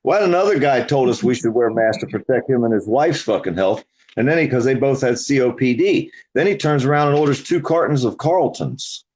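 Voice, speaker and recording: A man's voice: medium pitch, lively intonation, brisk, a little mellow. A man hosting a casual, profane chat, laughing often. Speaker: host.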